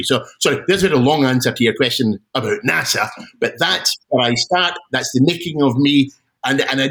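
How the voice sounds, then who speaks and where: A middle-aged Scottish man, a guest auctioneer, telling stories in a casual interview with animated, self-deprecating restarts. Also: medium pitch, poor audio. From Scotland.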